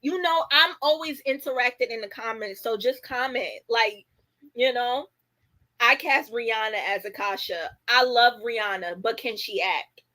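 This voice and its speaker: A woman's voice: fairly high pitch, normal speed, sharp tone, rough recording. A woman hosting a casual livestream, chatting with lots of fillers and reading viewer comments aloud. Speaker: livestream host.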